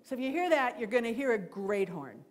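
Woman doing a fun bird talk for kids and families, slightly high voice, handheld mic. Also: a little fast. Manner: lively, imitates owl hoots. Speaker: wildlife educator. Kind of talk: live talk for a library audience. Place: library program room.

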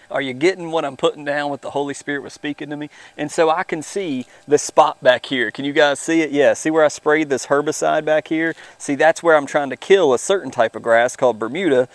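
A man giving an informal devotional talk, earnest and animated, speaking straight to his viewers from outdoors in his lawn. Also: on the high side, dry recording. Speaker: devotional vlogger.

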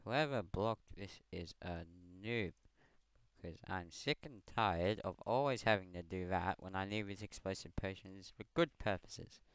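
A man's voice: low voice, measured pace, clean tone, no echo, clean studio sound. A teenage man from Scotland with a Scottish accent, giving rambling, self-mocking game commentary over a headset mic, swearing often. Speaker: gamer. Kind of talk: gameplay commentary.

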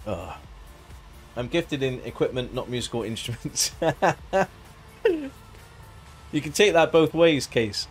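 A man's voice: mid-range voice, animated, normal speed, soft background music. A man chatting casually on a live game stream, joking, laughing and thanking viewers by name.

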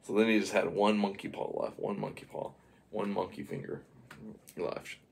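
Rambling man with a gravelly voice. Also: fairly low pitch, little pitch movement, normal speed, a little hiss or hum. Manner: rambling, chuckling. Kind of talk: improvised silly storytelling.

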